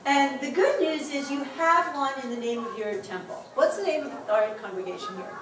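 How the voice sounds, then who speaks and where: High-voiced woman teaching in echoey room. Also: a little fast, crowd noise. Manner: chatty, laughs often, encouraging. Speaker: Hebrew teacher. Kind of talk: classroom teaching. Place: synagogue classroom. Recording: echoey room, distant mic, background noise.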